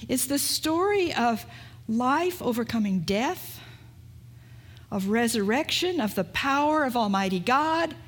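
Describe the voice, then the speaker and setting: Slow-speaking woman preaching a sermon. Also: fairly high pitch, expressive. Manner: unhurried storytelling with rhetorical questions. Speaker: pastor.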